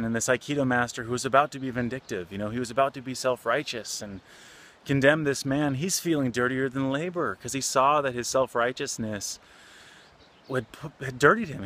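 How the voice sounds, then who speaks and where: A man, a martial arts teacher, telling a story in a relaxed, rambling way with many fillers. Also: mid-range voice. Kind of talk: casual storytelling lesson.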